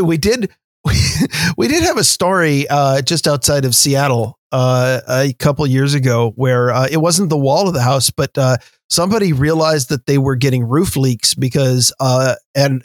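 A man's voice: mid-range voice, moderate pace, dry recording, studio quality. A man co-hosting a casual podcast chat, who tells stories with lots of restarts and slips in wry jokes. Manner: storytelling with many restarts and fillers, wry jokes. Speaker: podcast co-host.

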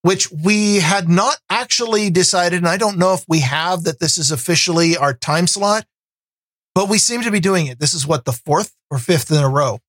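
A man's voice: sits high, moderate pace, fairly bright tone, no room sound. A man co-hosting a casual tech podcast, with dry, teasing, grumpy banter. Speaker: podcast co-host.

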